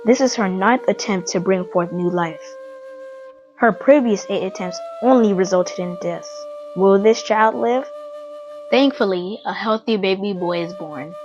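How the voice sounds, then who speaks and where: A woman giving a measured, dramatic scripted narration of a historical story. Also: medium pitch, lo-fi sound.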